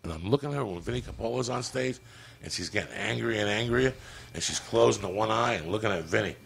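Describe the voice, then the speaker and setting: Gravelly crude storytelling man. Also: lowish voice, quick pace, a bit bright. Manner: crude, rowdy storyteller acting out voices. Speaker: comedian guest. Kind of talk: storytelling on a podcast.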